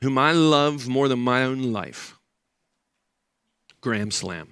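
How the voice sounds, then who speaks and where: An older man preaching a sermon as pastor, an animated storyteller who acts out the voices of people in his stories. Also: medium pitch, slow pace, clean tone.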